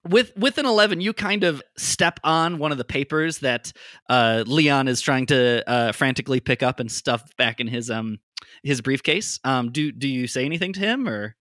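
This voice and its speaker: A man's voice: medium pitch, lively intonation, normal speed, pushed and bright, no echo, studio quality. A man narrating as game master in a tabletop game, loose and playful. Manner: loose and playful, with many ums and laughs.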